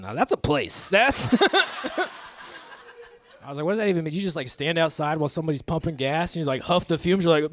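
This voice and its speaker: A man in his thirties doing live stand-up comedy on a club stage, crude and self-mocking, with quick asides to the crowd. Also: fairly high pitch, dry recording. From American Midwest.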